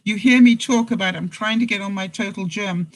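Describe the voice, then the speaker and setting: A woman's voice: mid-range voice, fairly quick, rough recording. Chatty woman vlogger. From Canada. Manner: chatty and blunt, laughing often. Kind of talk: casual live chat to viewers.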